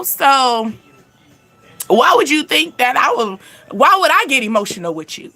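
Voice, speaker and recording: A woman's voice: sits high, sing-song, a little slow, sharp tone. A young woman hosting a casual live stream, speaking candidly and laughing often as she answers viewers' questions.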